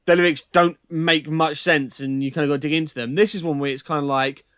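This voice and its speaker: A man's voice: fairly high pitch, steady tone, a little fast, a bit bright, clean tone, dry recording, clean studio sound. A man co-hosting a podcast, talking casually and emphatically about an album while searching for words. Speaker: podcast co-host. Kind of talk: casual album review chat.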